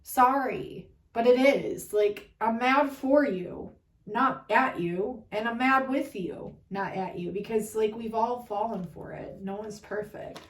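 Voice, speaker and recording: A woman's voice: fairly high pitch, measured pace, few pauses. Heated swearing woman, echoey room. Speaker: spiritual reader. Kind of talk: ranting spiritual reading. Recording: echoey room, far from mic.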